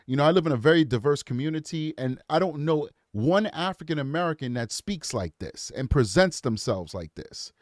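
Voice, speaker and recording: A man's voice: a little high, lively intonation, normal speed, hardly any pauses, dry recording, studio quality. A man hosting a live true crime show, chatting casually and breaking into impassioned tangents. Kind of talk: live-stream commentary.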